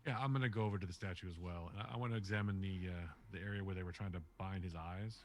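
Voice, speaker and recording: A man playing a tabletop game, describing his character's actions in a deliberate, earnest way. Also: low-pitched, steady tone, a little hiss or hum. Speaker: player. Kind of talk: tabletop role-play.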